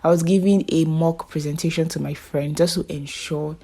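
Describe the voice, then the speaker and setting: Young woman, Nigerian accent, low dark voice, husky, chatty vlog talk. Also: steady tone, moderate pace. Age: 20s. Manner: chatty, repeats herself, self-mocking. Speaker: vlogger. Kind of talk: casual vlog narration.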